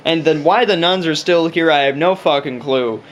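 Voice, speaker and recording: A young man from the United States vents in a heated, profane rant, his voice sitting a little high. A faint hiss runs under the home recording. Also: moderate pace. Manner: ranting, profane, fired up. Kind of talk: casual chat.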